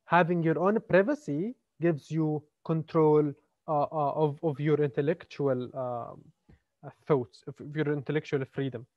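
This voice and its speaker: A man's voice: a little high, steady tone, unhurried, no room sound. A man giving a classroom lecture on literature, talking hesitantly with many fillers and repeated words. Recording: dry, slightly muffled lo-fi recording.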